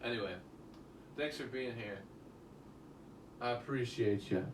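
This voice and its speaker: A man's voice: mid-range voice, measured pace. A man in a casual live-stream movie review, talking to his chat in a rambling, chatty way and swearing casually. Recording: roomy echo, mic at a distance, faint background hum.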